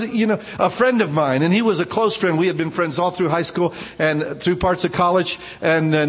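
In a large hall, a high-voiced male pastor delivers a casual, conversational sermon. He tells personal stories informally, with frequent asides of "man."

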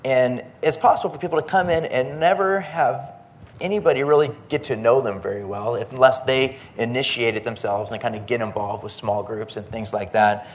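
A man's voice: mid-range voice, fairly quick. Man preaching a conversational sermon. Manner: conversational, anecdotal preaching with many restarts. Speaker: pastor.

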